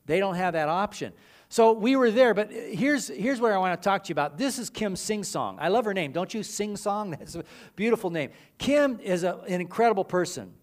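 A male preacher and missions leader with a fairly high voice delivers a brisk, animated sermon packed with stories. He repeats phrases for emphasis, frequently restarts mid-sentence, and rises and falls in intensity as he goes.

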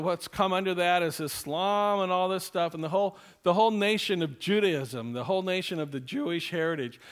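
A man preaching a sermon as pastor, joking and chuckling between points, then slowing and hushing his voice for emphasis. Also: high-pitched. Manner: slows down and hushes for emphasis.

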